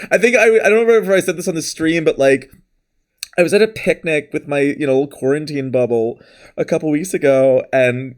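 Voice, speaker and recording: A man hosting a live stream, chatting casually and rambling, laughing often and thanking viewers from chat. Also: fairly high pitch. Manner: reads out chat names and thanks followers. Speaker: livestream host.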